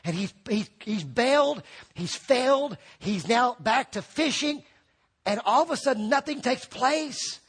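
A man preaching a lively sermon, acting out quoted voices and shouting for emphasis. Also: very high-pitched, measured pace, slightly rough.

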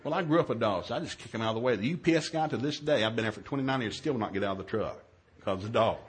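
A man who is a minister, telling a humorous story in a sermon, acting out his own yelled lines in a raised voice. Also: rapid-fire. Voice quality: animated, shifts to high yelling quotes.

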